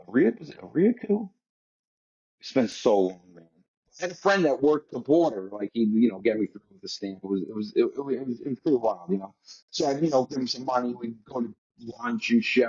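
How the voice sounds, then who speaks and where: A husky American man tells a wandering story in fast, profane bursts, full of filler words. His voice is a little breathy and sits in the middle range. The sound is dull and lo-fi, like call audio. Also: mid-range voice, a little mellow. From United States. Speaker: guest. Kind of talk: casual storytelling.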